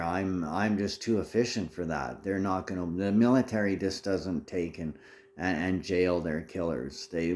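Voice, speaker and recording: A man's voice: deep voice, a little mellow. A man talking in a rambling monologue, repeating himself and restarting phrases.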